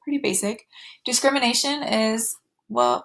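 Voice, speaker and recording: A woman's voice: mid-range voice, normal speed, gravelly. A woman teaching a recorded slide lecture, with fillers and restarts, going sing-song when she models talk to children.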